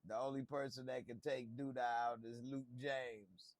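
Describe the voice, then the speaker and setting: A man's voice: medium pitch, flat delivery, normal speed, no echo. A man reviewing a TV episode in a casual, joking way, talking back to what he watches. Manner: laid-back, joking, talks back to the screen. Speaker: TV show reviewer. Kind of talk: casual reaction commentary.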